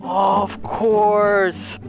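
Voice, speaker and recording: A man giving excitable let's play commentary, yelling, gasping and talking in first person as the character he plays. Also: sits high, very slow, faint music behind. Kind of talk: gaming commentary.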